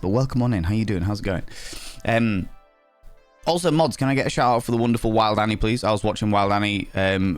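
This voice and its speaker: A young man chatting playfully on a live stream, teasing viewers, a bit under the weather with sore sinuses. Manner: playful, teasing, theatrical swings in pitch. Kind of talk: casual live-stream chat.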